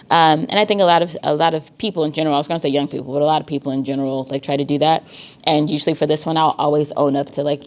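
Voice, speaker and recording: A woman's voice: low voice, fairly even intonation, fast talker, darkish tone. A woman, a counselor talking casually about healthy dating, with lots of likes and y'alls. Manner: conversational, uses y'all and filler likes. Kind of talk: casual talk on teen dating safety.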